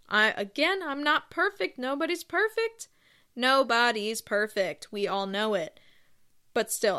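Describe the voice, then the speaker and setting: A woman hosting her own podcast, rambling through casual stories with self-deprecating asides and bursts of excitement. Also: mid-range voice, clear, resonant tone. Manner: gushes with excitement. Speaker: podcast host. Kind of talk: casual solo podcast chat.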